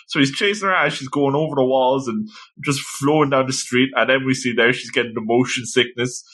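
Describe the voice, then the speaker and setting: Male co-host, easygoing, crisp bright voice. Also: mid-range voice, animated, fairly quick. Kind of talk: casual chat recapping an episode.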